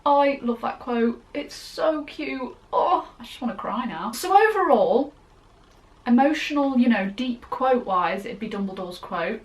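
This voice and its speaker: A woman's voice: fairly high pitch, expressive, unhurried. A young woman answering fan questions in a casual vlog, chatty and gushing, rambling off on tangents. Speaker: YouTuber.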